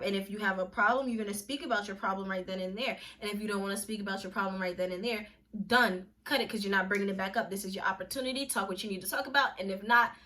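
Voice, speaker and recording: A young woman talking straight to camera in a casual vlog. Her voice is bright and forward. She speaks candidly and emphatically, in slangy everyday talk with quick restarts. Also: mid-range voice. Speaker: vlogger.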